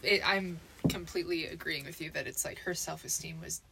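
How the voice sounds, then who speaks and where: Young woman cohost, lowish voice, earnest, keeps restarting sentences. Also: fairly quick, creaky, crowd noise. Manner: agreeing, earnest, restarts often. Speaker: podcast co-host. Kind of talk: casual chat.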